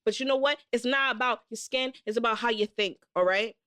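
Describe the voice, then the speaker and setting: A young woman co-hosting a podcast, telling animated stories in casual chat and acting out scenes. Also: a little high, a little fast. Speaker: podcast co-host.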